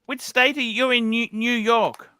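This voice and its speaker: A man runs a casual livestream chat, firing off blunt questions and cursing freely. His voice sits high and sounds bright and ringing, recorded dry and close. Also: steady tone, unhurried, clear, resonant tone, dry recording. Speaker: livestream host.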